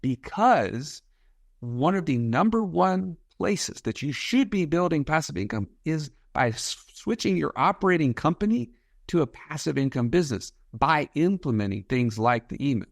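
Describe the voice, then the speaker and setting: Dude co-hosting a podcast, tells stories, quotes himself, dry mic. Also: male voice, medium pitch, creaky, no room sound. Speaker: podcast co-host. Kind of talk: casual podcast discussion.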